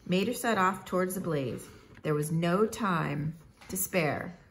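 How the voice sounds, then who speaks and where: A woman reading a children's storybook aloud in a measured, expressive way. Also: fairly low pitch, slight background noise. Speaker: narrator.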